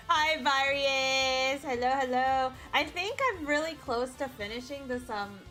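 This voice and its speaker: High, bright-voiced playful woman streamer. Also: takes it slowly, faint music behind. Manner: playful, teasing, giggly. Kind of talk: casual chat with viewers.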